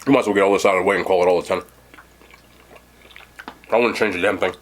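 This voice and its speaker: Chewing as he talks, an enthusiastic young New Jersey man reviews food for his laid-back eating vlog. He speaks fast in a low-pitched, steady tone.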